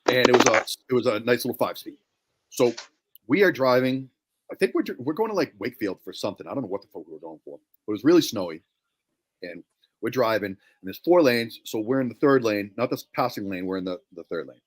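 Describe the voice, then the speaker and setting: A man with a mid-pitched voice tells a story on a casual podcast. His delivery is blunt and salty, and he snaps back quickly when interrupted. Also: expressive. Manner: blunt, profane, teasing. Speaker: podcast co-host.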